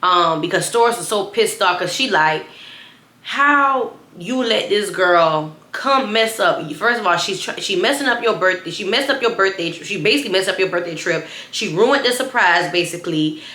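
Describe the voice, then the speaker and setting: A woman tells her viewers a storytime in a loose, rambling way, repeating words as she goes. Her voice is bright and clear, and the room around her echoes. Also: on the low side, brisk, hardly any pauses. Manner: rambling, animated, repeats herself, addresses viewers as y'all. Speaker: storyteller vlogger. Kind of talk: casual storytime.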